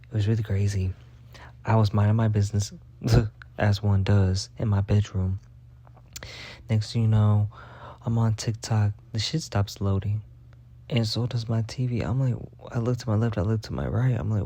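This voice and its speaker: A young man telling a rambling, profane story in a casual monologue, packed with filler words and deadpan bragging. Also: fairly low pitch, moderate pace, husky. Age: young adult. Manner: rambling, heavy on "like" fillers and swearing. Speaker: vlogger.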